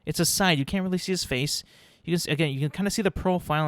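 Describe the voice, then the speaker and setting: A man hosting his own podcast, rambling in a casual, self-mocking way and slipping into quick mock voices. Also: on the high side, no room sound, studio quality. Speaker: podcast host. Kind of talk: casual solo podcast rant.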